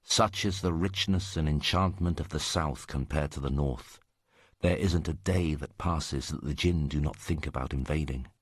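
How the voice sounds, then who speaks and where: A man voicing an old wandering storyteller, deep and declaiming. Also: moderate pace, husky, dry recording, clean studio sound. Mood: grave. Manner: declaiming, half-sung sayings. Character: old male wandering storyteller, earnest, sorrowful.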